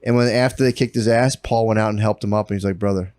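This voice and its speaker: A man's voice: on the low side, fast, no room sound. A man co-hosting a comedy podcast, telling a story with lots of swearing and acting out the people in it. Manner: animated storytelling full of swearing, acting out quotes. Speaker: podcast co-host. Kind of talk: casual comedic podcast chat. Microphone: podcast mic.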